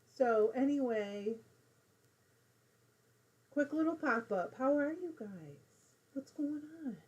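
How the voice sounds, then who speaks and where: Middle-aged woman host, husky and a touch high, relaxed live-stream chatter while knitting. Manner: chatty, reads viewer comments aloud while knitting. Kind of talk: casual live-stream chat.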